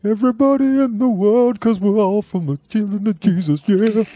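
A man doing a joking impression of a soulful male singer, crooning slowly in a high voice. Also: mellow, no echo, close to an everyday voice.

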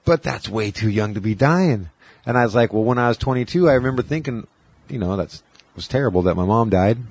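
A podcast host in his forties tells a long, rambling personal story in casual chat, quoting other people in raised voices. His mid-range voice is expressive, brisk, husky, and darkish, in a dry recording.

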